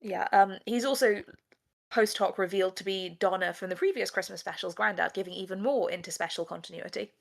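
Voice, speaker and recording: A woman's voice: mid-range voice, a little fast, creaky. A woman co-hosting a podcast, chatting animatedly in a casual review of a TV episode. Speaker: podcast co-host. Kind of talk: casual discursive review chat.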